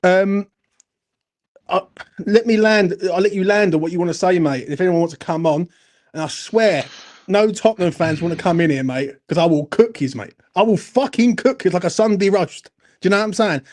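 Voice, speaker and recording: Angry fan-channel host, high voice, swears nonstop, ranting. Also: male voice, moderate pace, a little mellow. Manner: angry, sweary, repeats "do you know what I'm saying". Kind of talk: heated football fan rant.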